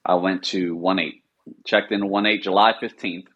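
A middle-aged man with a low voice recounts his time in the service in a casual interview. He slips into the voices of the officers he quotes, and his audio sounds dull and lo-fi. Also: moderate pace, slightly rough. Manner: animated storyteller, acts out quoted officers in a higher voice. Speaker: podcast guest, former Marine sniper.

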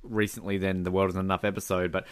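A man co-hosting a podcast, teasing and chatting quickly over a film commentary. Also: low voice, level tone, clean tone, dry recording, clean studio sound. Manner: fast, teasing. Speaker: podcast co-host. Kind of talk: casual movie commentary chat.

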